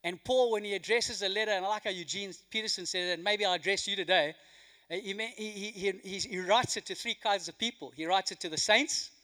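A man preaching a sermon, swinging between loud emphasis and hushed, quiet lines. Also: high-pitched, brisk. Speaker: pastor. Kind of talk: sermon with a told joke. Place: church hall.

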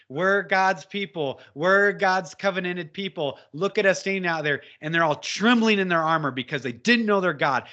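A man preaching with passion in conversation, exhorting and building to loud outbursts. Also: high-pitched. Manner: impassioned, exhorting, rising to shouts when quoting. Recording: dull lo-fi audio.

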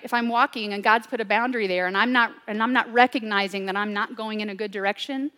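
A woman preaching a sermon, swinging between loud, urgent declarations and hushed, near-whispered asides. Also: on the high side, in a large hall.

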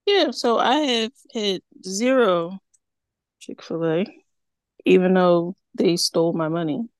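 A woman's voice: lowish voice, takes it slowly, smooth, dry recording. A woman co-hosting a podcast, telling a story in casual chat and acting out her own reactions. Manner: animated, acts out her own reactions in quotes. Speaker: podcast co-host.

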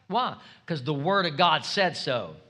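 A man preaching a sermon as pastor, energetic and humorous, building up to shouts. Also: on the high side, unhurried.

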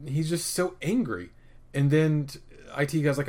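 A man casually recapping a TV episode, opinionated and profane, rambling with restarts and swinging between loud rants and muttered asides. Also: fairly high pitch, normal speed. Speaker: podcast host reviewing a TV episode.

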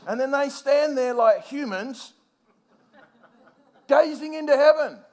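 A man with a very high-pitched voice preaches a sermon. He speaks in an animated way, builds up to emphatic points, and acts out the scenes with a playful touch. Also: slow pace.

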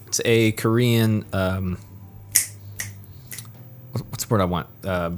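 A man's voice: lowish voice, steady tone, takes it slowly, a little hiss or hum. A man co-hosting a podcast in casual chat, rambling and often searching for words. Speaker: podcast co-host.

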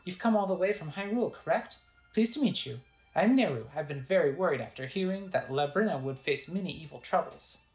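A woman voicing a gentle, worried young female singer from a video game, softly and earnestly. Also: on the low side, animated, brisk, roomy sound, faint music behind, voice pushed up, close to an everyday voice, rough recording. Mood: polite.

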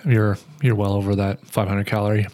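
A man's voice: on the low side, little pitch movement, a little fast, a little mellow. A man co-hosting a podcast in casual chat, describing things in a plain, matter-of-fact, detailed way. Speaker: podcast co-host.

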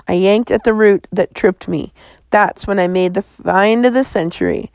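A woman reading a children's novel aloud in a measured storytelling manner. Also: medium pitch, gravelly, darkish tone, no room sound. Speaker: audiobook narrator.

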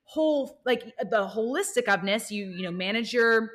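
A young woman coach on a fitness podcast with a fairly high, very bright voice. She explains her points in an upbeat, easy way and often agrees with her co-host. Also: lively intonation, normal speed. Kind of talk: casual chat.

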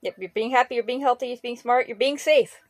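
A woman's voice: fairly high pitch, quick pace, dry recording. A woman co-hosting a podcast, chatting casually, laughing easily and repeating words. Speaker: podcast co-host. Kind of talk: casual chat.

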